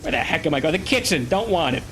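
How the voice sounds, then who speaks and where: A man's voice: a little high, quick pace, a little hiss or hum. A man giving casual, playful commentary while playing a video game, a little under the weather. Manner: playful, chatty, excitable. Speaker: let's play host.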